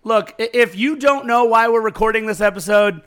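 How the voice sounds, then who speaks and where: A man co-hosting a sports podcast, hoarse from the night, hyped and jokey with quick asides. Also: high-pitched, a bit bright. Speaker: podcast co-host. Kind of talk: casual sports podcast chat.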